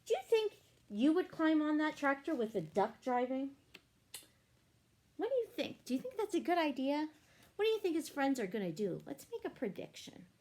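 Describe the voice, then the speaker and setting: Woman storyteller, picture-book read-aloud for children, animated and high. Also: normal speed. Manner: animated, asks the listeners questions.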